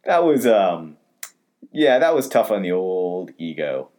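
A man co-hosting a podcast, telling a personal story in casual, animated chat. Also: unhurried. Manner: animated storytelling with wide pitch swings. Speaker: podcast co-host.

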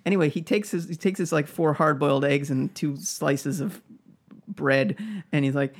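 A man's voice: on the high side, normal speed. A man co-hosting a podcast, telling a funny story in a casual way, laughing often and acting out the people he quotes. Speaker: podcast co-host.

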